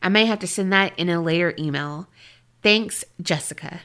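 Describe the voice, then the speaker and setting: A woman podcast co-host reading a listener's paranormal story aloud and chatting, expressive and jokey. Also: on the low side, normal speed.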